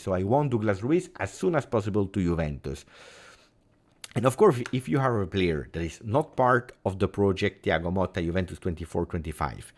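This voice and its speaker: A man hosting a football vlog, talking in an emphatic, theatrical way that jumps between loud and hushed. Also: fairly low pitch. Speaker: football channel host. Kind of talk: animated football commentary vlog.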